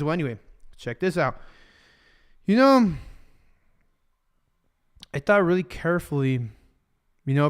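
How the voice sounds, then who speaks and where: A man's voice: a little high, sing-song, normal speed, long pauses, clear, resonant tone. A young man preaching casually on a livestream, switching between English and Spanish and joking along the way. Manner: chatty, joking, loose with fillers.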